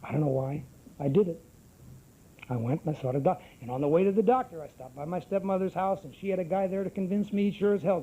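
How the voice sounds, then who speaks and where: A man's voice: sits high, quick pace, mellow, highs cut off. A middle-aged man giving a brash, wisecracking personal testimony at a recovery group meeting. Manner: brash, salty storyteller with wisecracks.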